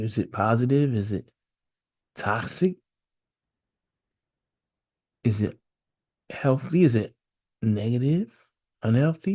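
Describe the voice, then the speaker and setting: A man with a warm, medium-pitched voice hosts a solo podcast. He muses aloud casually and repetitively, firing off rhetorical question after rhetorical question.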